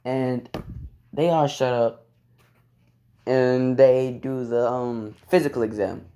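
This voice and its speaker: A man's voice: mid-range voice, fairly even intonation, slow, warm tone, clean tone. A man casually telling a made-up fan story, rambling and cursing along the way. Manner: rambling, profane, chuckling.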